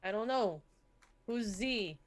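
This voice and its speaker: A woman's voice: mid-range voice, lively intonation, slow. A woman playing a character in a tabletop game, blunt and sassy in her delivery. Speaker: player. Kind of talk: in-character role-play.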